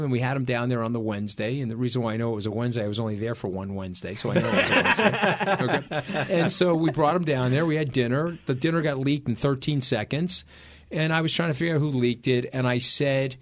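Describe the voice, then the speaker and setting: A middle-aged man from New York with a New York accent, a podcast guest telling stories in a blunt, emphatic, rapid-fire way. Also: medium pitch. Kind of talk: casual interview storytelling.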